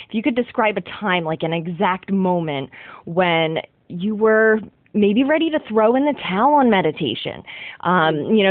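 A woman podcast host asking questions in an unhurried, affirming way, with plenty of fillers. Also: on the low side, no room sound. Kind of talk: interview questions. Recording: dry tinny phone-like line.

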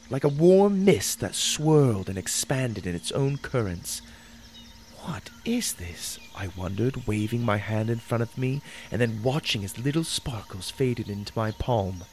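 A man narrating a children's fantasy story in the first person, with an expressive, wonder-filled delivery. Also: mid-range voice, a little hiss or hum.

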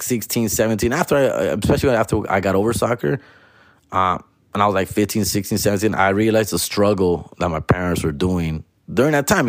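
A man's voice: fairly low pitch, dry recording, clean studio sound. Profane man telling stories. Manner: profane, mixes Spanish and English slang. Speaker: comedian telling a story. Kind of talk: casual storytelling monologue.

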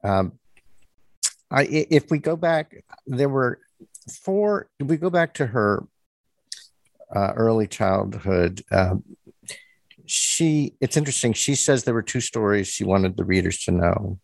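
A man's voice: lowish voice, lively intonation, unhurried, gravelly, long pauses, no echo. A man hosting an interview, asking questions in a hesitant way with stammers and restarts. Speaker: interview host. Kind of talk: conversational interview.

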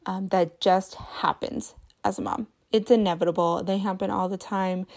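Chatty woman podcast host with vocal fry. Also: medium pitch, darkish tone. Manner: chatty, self-deprecating, laughs often. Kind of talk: casual storytelling podcast.

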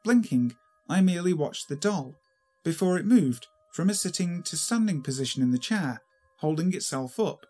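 A man reading a horror story aloud in a steady, measured way. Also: fairly high pitch, faint music behind. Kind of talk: scripted horror story narration.

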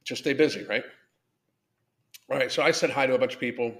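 A man's voice: mid-range voice, a little fast, a bit bright. A man hosting a live podcast, ranting bluntly and swearing a lot while reading out viewer comments. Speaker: podcast host. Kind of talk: live-stream rant reading chat.

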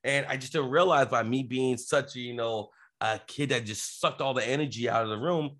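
A man's voice: medium pitch, normal speed, fairly bright tone. A man, a podcast guest, telling a personal family story in an earnest, rambling way with many restarts. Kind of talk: casual storytelling.

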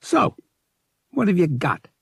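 A man's voice: sits high, big pitch swings, takes it slowly, creaky, fairly bright tone, husky, dry recording, studio quality, voice pushed up, exaggerated voice. A man voicing a cordial, cagey older male gambler who talks in an easygoing, friendly way. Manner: cordial, drawling.

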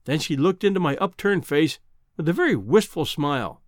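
Expressive male storybook narrator. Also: a little high, normal speed, dry recording, clean studio sound. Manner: expressive, old-fashioned literary reading. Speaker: audiobook narrator.

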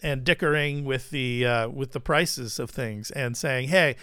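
A man hosting a casual commentary show, chatty and quick to laugh, often repeating words as he thinks. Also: medium pitch, fairly even intonation, pushed and bright, clear, resonant tone, no echo, studio quality. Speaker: host of a Christian commentary show.

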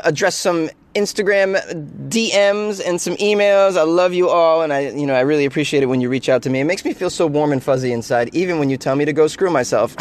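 A man hosting a comedic weird-news podcast, reacting with incredulous laughter and riffing loosely between read-outs. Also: mid-range voice. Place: Los Angeles.

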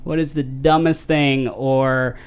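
A man's voice: mid-range voice, steady tone, clean tone. A man hosting a podcast, asking questions and chiming in playfully in a casual chat. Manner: playful, affirming, quick interjections.

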